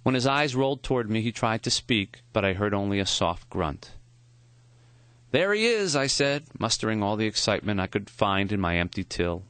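A man quietly narrating a memoir audiobook in a measured, reflective way. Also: on the low side, steady tone, dry recording.

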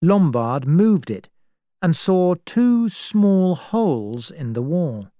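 Slow, clear storybook narrator with an animated read. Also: mid-range voice, no echo, clean studio sound. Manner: very slow, clear, expressive reading. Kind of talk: reading a story aloud.

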